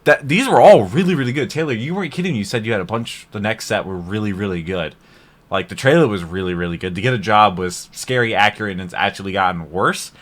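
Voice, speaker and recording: A man with a low, deep voice hosts a reaction video. He speaks in a loose, rambling, heartfelt way, peppering his talk with "like". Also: lively intonation, fast, a bit bright. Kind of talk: casual reaction commentary.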